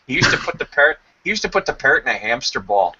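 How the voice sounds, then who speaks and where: Male podcast host telling funny stories, animated and bright. Lo-fi stream. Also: medium pitch, fast talker, background noise. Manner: animated, jokey anecdotes, acts out voices. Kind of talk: casual chat, storytelling. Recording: slightly dull lo-fi stream audio.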